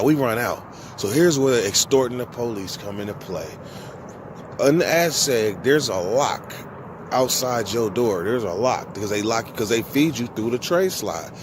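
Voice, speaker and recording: A man casually telling a long story from his own past, with profane, slangy speech and animated quoted dialogue. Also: mid-range voice, background noise. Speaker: vlogger.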